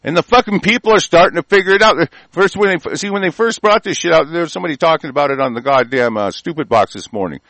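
A man's voice: fairly high pitch, no room sound, poor audio. A man delivering an angry, profane rant, cursing constantly and stammering over repeated words. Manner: shouting, cursing, stammering repetitions. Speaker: ranting commentator.

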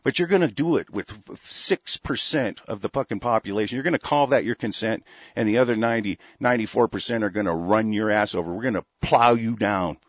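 An Oregon talk host lets loose a heated political rant that rambles and swears, his husky, gravelly voice pitched fairly low. He talks briskly, and the close-miked recording is dull and lo-fi without echo.

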